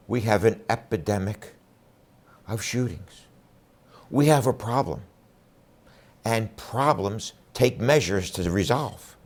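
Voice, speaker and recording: A man running for district attorney, speaking bluntly and emphatically in a campaign address. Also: medium pitch. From Philadelphia area. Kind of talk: campaign speech to camera.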